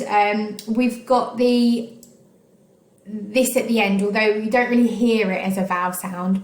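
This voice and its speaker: Encouraging English woman teaching in an echoey room. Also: mid-range voice. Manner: patient, encouraging, many ums and okays. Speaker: primary school teacher. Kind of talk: recorded online phonics lesson.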